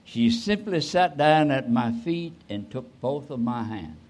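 A man in his eighties, a pastor telling a personal story in a sermon, rising suddenly and trailing off softly. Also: medium pitch, animated. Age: 80s. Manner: slow, with sudden rises and soft trailing endings.

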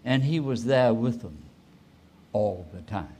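Old guy pastor in his 80s preaching, slow, voice swings up and down a lot. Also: medium pitch, expressive, slightly rough. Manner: slow, with sudden rises and soft trailing endings. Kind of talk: sermon storytelling.

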